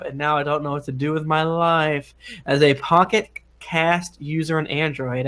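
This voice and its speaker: A man hosting a podcast stream, reading listener reviews aloud in a jokey, halting way with many fillers. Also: on the high side, bright, forceful tone. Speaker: podcast host.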